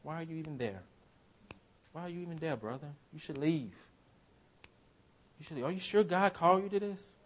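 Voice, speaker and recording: A man voicing a whispering tempter spirit in a whispered role-play, hushed and coaxing. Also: fairly high pitch, a little fast, pauses often, a little hiss or hum, close to an everyday voice. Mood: undermining. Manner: coaxing, insinuating.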